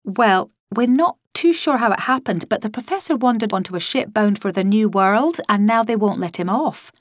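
A woman's voice: mid-range voice, expressive, moderate pace, dry recording, clean studio sound, pitched above the performer's own voice, close to an everyday voice. A woman reading an audiobook, voicing a cheerful, scatterbrained young woman who talks in a breezy, rambling way.

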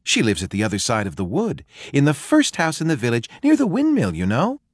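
Man voicing a little girl, innocent, chirpy, lively pitch, dry sound. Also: brisk, breathy edge, no room sound. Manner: high, bright and chirpy.

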